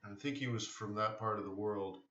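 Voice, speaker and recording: A man chats loosely with his viewers and often restarts his sentences. His voice sits a little low but comes across bright and forceful. The sound is dull and distant, as if the mic is across an echoing room. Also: fairly even intonation, fairly quick. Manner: rambling, answers chat questions, many restarts. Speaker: live trading stream host. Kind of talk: casual live-stream chat.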